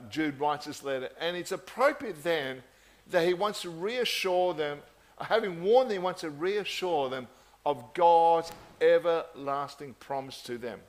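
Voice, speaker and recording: Earnest preacher man, fairly high voice. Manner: earnest, measured, with frequent restarts and repeated phrases for emphasis. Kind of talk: sermon.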